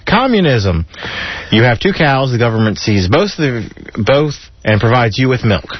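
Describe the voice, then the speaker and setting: Chuckling between lines, a medium-pitched man hosting a community radio show reads jokes aloud with animated delivery from the studio. Slight background noise sits under a dull, lo-fi broadcast sound.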